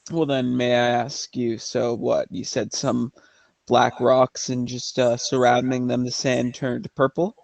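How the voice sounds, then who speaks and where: A man voicing a polite male adventurer in a tabletop game, halting with fillers. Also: medium pitch, little pitch movement, creaky, darkish tone, no room sound. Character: male adventurer posing as a meteorologist. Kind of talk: tabletop role-play.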